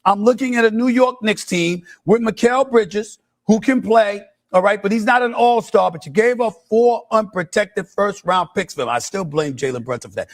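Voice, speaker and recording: Male TV sports pundit, high-pitched, emphatic and punchy in heated debate. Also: no echo. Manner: emphatic, repeats "all right?", raises voice. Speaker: sports commentator.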